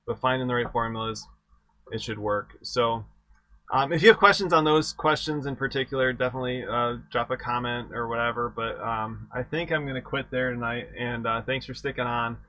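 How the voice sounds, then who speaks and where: A man running a casual exam review session as instructor, easygoing and halting, often repeating words as he thinks aloud. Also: mid-range voice, sharp tone, no echo. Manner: easygoing, self-deprecating. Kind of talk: casual live-stream lecture.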